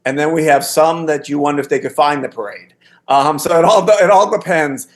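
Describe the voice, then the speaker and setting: A man's voice: a little high, a little fast. A man in his sixties, a former political staffer, telling anecdotes in a casual podcast conversation, often restarting his sentences. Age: 60s. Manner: anecdotal storytelling with frequent restarts.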